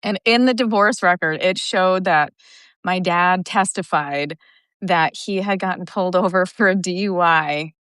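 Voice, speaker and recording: A woman from Michigan's Upper Peninsula, chatting as a guest and telling stories with animated acted-out reactions and laughter. Her voice is lowish, smooth and clear, recorded close and dry. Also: unhurried, no echo. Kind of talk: casual chat.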